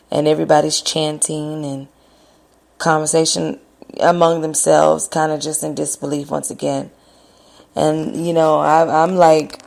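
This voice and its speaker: Slow, gravelly-voiced woman rambling through a story. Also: low voice, level tone, a little mellow. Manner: rambling, hesitant, many fillers and restarts. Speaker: podcast host. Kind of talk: casual personal storytelling.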